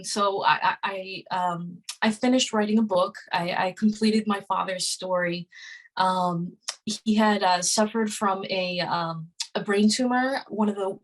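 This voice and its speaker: A woman's voice: mid-range voice, rough recording. A woman in her thirties speaking as a podcast guest, telling a story casually and earnestly, with many fillers and restarts. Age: 30s.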